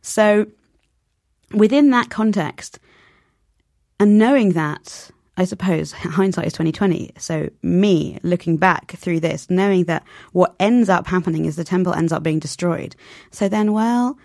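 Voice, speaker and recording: A woman's voice: lowish voice, unhurried, creaky, a little mellow, no room sound, studio quality. A woman, a novelist, talking animatedly as an interview guest and acting out quoted voices. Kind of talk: conversational interview.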